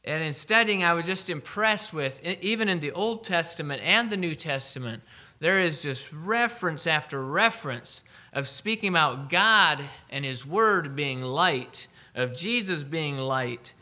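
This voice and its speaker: Guy preaching at church, really bright voice, emphatic, reads verses slow. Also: on the high side, expressive. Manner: emphatic, reads scripture aloud slowly. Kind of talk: sermon.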